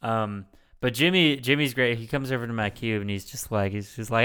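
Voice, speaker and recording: A man's voice: medium pitch, quick pace, a bit bright, smooth. A man hosting a casual movie podcast, joking and swearing, often slipping into impressions of people he quotes. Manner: profane, jokey, breaks into put-on voices. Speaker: podcast host.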